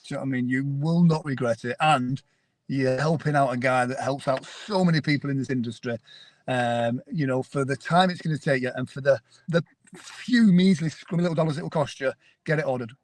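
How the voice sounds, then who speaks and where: Upbeat British man on a phone call. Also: a little high. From England. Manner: upbeat, joking, enthusiastic. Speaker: guest. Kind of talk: casual video call chat. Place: sitting in a car in a parking lot. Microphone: phone camera on a video call.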